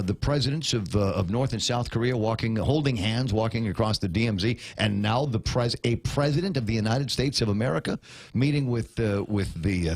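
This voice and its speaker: A man's voice: mid-range voice, dry recording. Rambling middle-aged male radio host. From Guam. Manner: rambling, with many restarts and playful asides. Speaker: radio talk show host. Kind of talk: casual morning radio chat.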